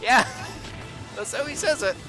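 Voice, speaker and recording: Game streamer, live commentary, swings up and down in pitch, laughs a lot, casual swearing, game music behind. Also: big pitch swings, moderate pace.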